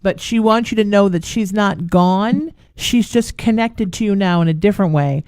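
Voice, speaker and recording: A woman hosting live talk radio, talking in long, soothing runs and calling the caller sweetie. The studio mic sounds dry and close. The pitch is mid-range. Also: moderate pace, darkish tone, no room sound. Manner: reassuring, flowing, calls the caller sweetie. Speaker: radio show host and psychic. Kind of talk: live radio psychic reading.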